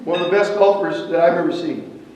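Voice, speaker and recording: A man's voice: on the high side, fairly quick, darkish tone, dull audio. A man in his sixties telling stories at a roast, building each one to a punchline. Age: 60s. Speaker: former wrestler giving a roast speech. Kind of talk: anecdotal roast speech. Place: event venue hall. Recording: echoey hall, distant mic, faint noise.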